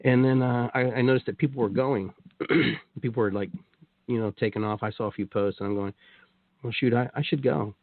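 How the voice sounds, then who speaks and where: A man's voice: mid-range voice, steady tone, brisk, no echo. A man telling his story as a guest on a talk show, rambling with many restarts and quoted asides. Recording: tinny phone-like line, dry.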